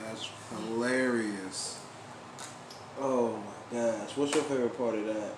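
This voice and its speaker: A man's voice: mid-range voice, fairly even intonation, measured pace, roomy sound, noisy background. A man hosting a reaction video, making laid-back, amused remarks. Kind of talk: casual reaction commentary.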